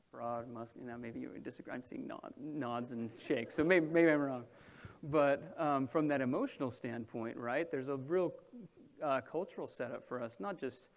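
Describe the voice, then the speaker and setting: A man moderating a panel and addressing an audience in a room, talking in a conversational way that keeps checking in with the listeners. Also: medium pitch. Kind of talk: presentation to an audience.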